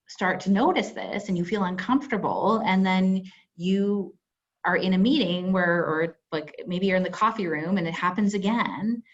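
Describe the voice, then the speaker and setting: A woman's voice: lowish voice, muffled recording. A woman leading a webinar as a workplace trainer, talking conversationally with many fillers and acting out example dialogue. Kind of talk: webinar presentation. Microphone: video call.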